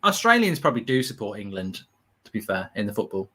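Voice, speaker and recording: A man's voice: on the low side, sing-song, fast, pushed and bright. A man hosting a live football watchalong, ranting animatedly and swearing freely. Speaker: host.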